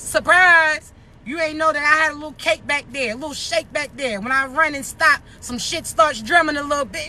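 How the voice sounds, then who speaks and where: Outdoors with traffic passing, a woman in her thirties addresses her followers in a blunt vlog rant, cursing and asking rhetorical questions while a bit short of breath. Her voice is high with a sharp tone.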